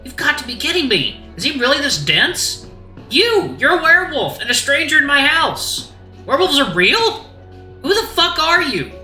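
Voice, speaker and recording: A man voicing a panicked young man who yells in disbelief. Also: sing-song, moderate pace, echoey room, faint music behind, exaggerated voice. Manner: yelps and shouts in a high voice.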